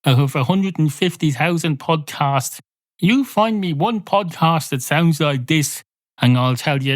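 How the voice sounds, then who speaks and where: A man hosting a rambling solo comedy podcast, deadpan and absurd, swearing at imagined listeners. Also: a little high, moderate pace, no echo. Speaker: podcast host.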